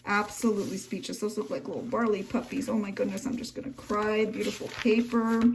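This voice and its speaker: A young woman vlogs from a room at home, leafing through her handmade journal in a casual flip-through. She sounds gushing, emotional and soft-spoken at a medium pitch, with slight background noise.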